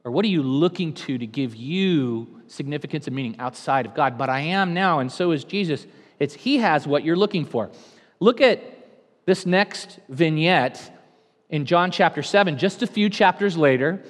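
A man from California preaching a sermon in a church, swinging from hushed, intimate moments to loud, dynamic proclamation. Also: fairly high pitch, animated, normal speed. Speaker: pastor. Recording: long hall reverb.

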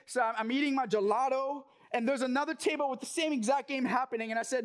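A man's voice: extremely high pitch, fast, hardly any pauses, a bit bright. Young man preaching a casual sermon. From Korean American. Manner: earnest, casual storytelling with jokes. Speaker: church speaker. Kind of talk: sermon with personal story.

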